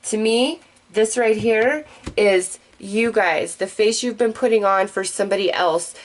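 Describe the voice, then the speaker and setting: Woman, tarot reader, excitable, gushing, quick bursts of speech. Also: medium pitch, poor audio. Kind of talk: tarot reading to camera.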